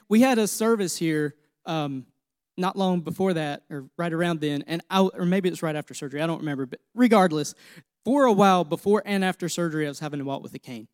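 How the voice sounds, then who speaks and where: This man's fairly high voice moves at a quick pace in a dry, studio-quality recording. He's a pastor in his thirties delivering an earnest, personal sermon, near tears with emotion, repeating phrases as he recounts his own story.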